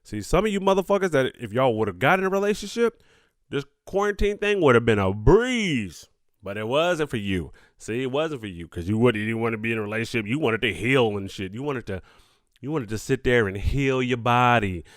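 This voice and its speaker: Young guy ranting on his podcast, cussing and laughing, mid-pitched voice, dead dry mic. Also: no room sound. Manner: profane, laughing, talks straight to listeners. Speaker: podcast host. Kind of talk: casual solo podcast monologue.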